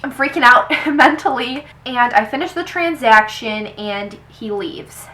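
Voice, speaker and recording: Young woman vlogger, bright, slightly high voice, animated storytime delivery. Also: a little slow, poor audio. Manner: animated storytelling, quoting people with "he's like". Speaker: beauty vlogger. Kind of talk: storytime vlog.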